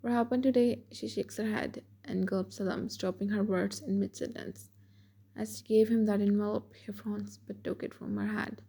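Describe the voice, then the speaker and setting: Female narrator for a romance fan story; gravelly, mellow, husky. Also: mid-range voice, level tone, normal speed. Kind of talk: scripted fan fiction narration.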